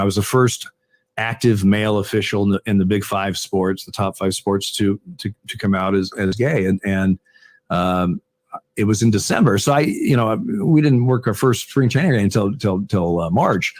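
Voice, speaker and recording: Older male guest, retired umpire, halting storyteller, low voice, dry close sound. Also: a little mellow, no room sound. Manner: halting, repeats words, chuckles often. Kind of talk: conversational interview storytelling.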